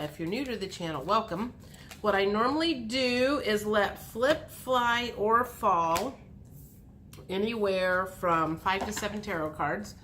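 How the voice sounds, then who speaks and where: Woman tarot reader, unhurried delivery, crisp bright tone, muses aloud over each card, lively when acting out dialogue. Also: a little hiss or hum. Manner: muses aloud as she reads the cards; lively, acts out dialogue with big pitch jumps.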